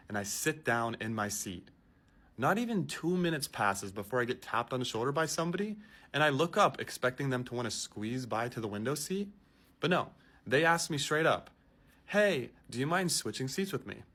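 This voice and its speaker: A man's voice: mid-range voice, fairly bright tone. A man telling a story in a casual, exasperated and incredulous way.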